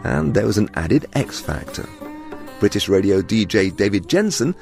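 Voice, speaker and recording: A man narrates a radio documentary in a fairly low voice, rising and falling with plenty of life. His delivery is dry and wry, with a little music underneath. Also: sing-song, normal speed, gravelly, darkish tone. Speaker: documentary presenter.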